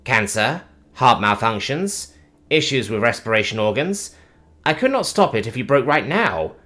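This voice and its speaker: A man's voice: medium pitch, sing-song, moderate pace, bright, forceful tone. A man playing a stiff, formal robot. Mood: worried. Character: literal-minded caring robot alien.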